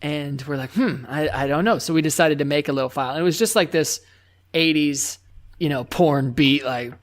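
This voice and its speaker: A man's voice: on the high side, fairly even intonation, normal speed. A man hosting a casual podcast, rambling through stories and laughing often. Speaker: podcast host. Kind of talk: casual chat.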